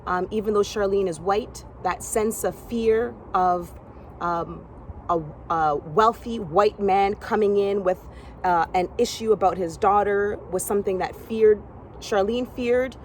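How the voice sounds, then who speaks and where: A young woman from Canada telling a personal story from her gymnastics past, acting out other people's lines in a higher voice. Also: measured pace, a little hiss or hum.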